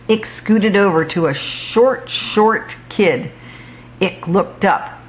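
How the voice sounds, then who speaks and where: Slow, expressive woman reading aloud. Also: mid-range voice, a little hiss or hum. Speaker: children's book reader. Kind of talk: children's read-aloud.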